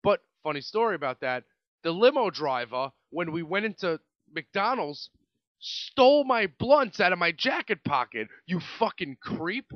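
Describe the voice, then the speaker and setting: A man in his late twenties with a New York accent, hosting a podcast and telling a rambling, profane story in a casual, animated way. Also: high voice, normal speed, no room sound, muffled recording. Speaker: podcast host.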